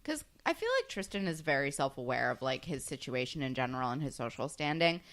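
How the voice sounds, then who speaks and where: A woman co-hosting a podcast, casually discussing TV characters and thinking out loud about their motives. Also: extremely low pitch, big pitch swings, fast. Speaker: podcast co-host. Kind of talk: casual recap chat.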